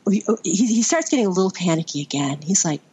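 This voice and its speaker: A woman's voice: on the low side, expressive, quick pace, mellow, husky. Rambling middle-aged woman telling stories. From Vermont, USA. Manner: rambling, fond, many fillers and restarts. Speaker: podcast guest. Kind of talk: conversational storytelling.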